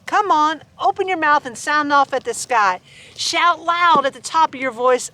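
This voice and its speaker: Outdoors on a farm among sheep and dogs, a woman reads a rhyming picture book aloud to her animals. Her voice sits high and sounds pushed and bright, animated at a normal speed, and she's playful, laughing between verses.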